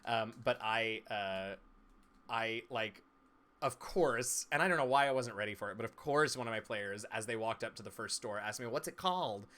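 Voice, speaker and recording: Chatty man with crisp stage diction. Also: lowish voice, normal speed, sharp tone. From Southern United States, East Tennessee. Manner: chatty and playful, laughs easily. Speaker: streamer and game master. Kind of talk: casual live-stream chat.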